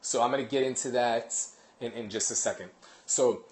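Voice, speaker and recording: Rambling dog trainer explaining casually. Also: male voice, mid-range voice, normal speed, darkish tone. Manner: rambling, many fillers and restarts. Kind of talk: casual instructional talk. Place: apartment.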